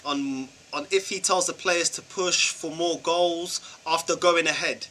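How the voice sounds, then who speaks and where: Guy on a footy rant vlog, high sharp husky voice, keeps asking what are you talking about. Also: steady tone, measured pace, a little hiss or hum, low-quality recording. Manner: exasperated, fires off rhetorical questions, slangy. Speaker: football channel vlogger. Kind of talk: football fan rant vlog.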